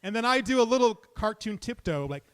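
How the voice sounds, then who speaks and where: A man tells a true story on stage with a wry, comic, conversational delivery. His voice sits high for a man. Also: animated, brisk, very noisy.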